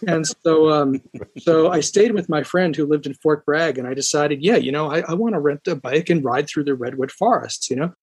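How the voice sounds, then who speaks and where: Husky-voiced man telling a story. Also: a little high, moderate pace, no room sound. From New York. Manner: animated storyteller, frequent restarts. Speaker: psychologist guest. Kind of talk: conversational podcast interview.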